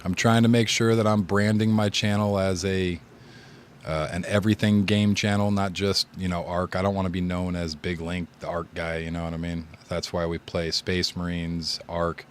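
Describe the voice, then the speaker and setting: A man's voice: deep voice, flat delivery, moderate pace, slight background noise. A man who streams games, giving casual advice in a rambling, laid-back way and often repeating his words. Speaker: gaming streamer.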